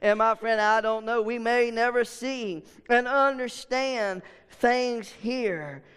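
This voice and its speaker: Preacher guy, really high clear voice, fiery sermon. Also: slow pace. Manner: impassioned preaching with swells and hushes. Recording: long hall reverb.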